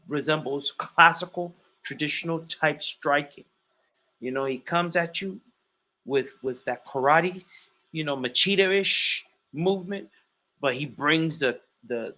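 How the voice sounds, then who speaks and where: A man with a bright, forward voice breaking down upcoming fights on a casual podcast. He talks emphatically and keeps repeating his points for weight. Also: mid-range voice, rough recording. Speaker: podcast host and fight analyst.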